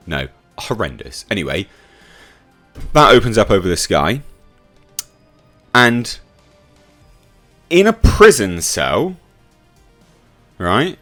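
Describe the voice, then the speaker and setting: A man rants through a film review, exasperated and swearing freely as he rambles and restarts his sentences. His pitch swings widely and lively across every phrase, with faint music playing behind him. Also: measured pace, pauses often. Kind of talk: casual video review rant.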